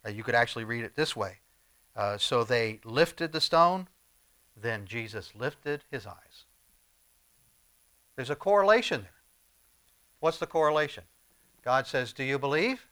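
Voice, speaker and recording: A man preaching a sermon, swinging between loud emphatic lines and soft, low asides. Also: expressive, a little slow, pauses often.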